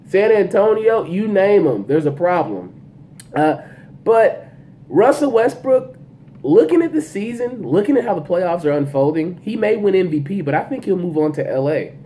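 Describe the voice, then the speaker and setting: A fairly high-pitched man with a soft, mellow tone hosts his own sports show. He talks in an animated, opinionated way and often addresses players directly. Faint noise sits under the voice. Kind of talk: solo sports commentary podcast.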